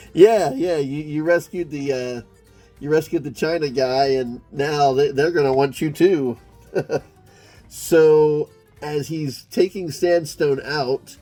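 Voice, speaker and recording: A man's voice: mid-range voice, lively intonation, measured pace, mellow, faint music behind. A man reviewing an old comic book, reading the captions aloud and adding chatty, joking asides. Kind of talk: casual commentary while reading a comic.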